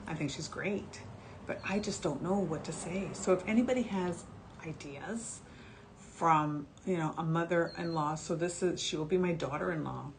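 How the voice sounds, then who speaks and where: A woman's voice: on the low side, fairly bright tone, slight background noise. A chatty, emotional woman in her sixties presenting skincare products on a casual livestream, talking straight to her viewers. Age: 60s. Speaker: shopping channel skincare brand presenter. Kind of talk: casual livestream sales chat.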